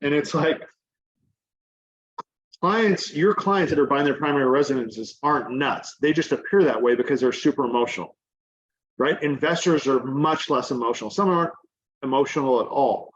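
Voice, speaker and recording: A man's voice: medium pitch, normal speed, muffled recording. A man giving a casual teaching presentation as a guest speaker, talking in a chatty way full of "like" and "um". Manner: chatty, many fillers like "like" and "um". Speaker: guest presenter on real estate exchanges.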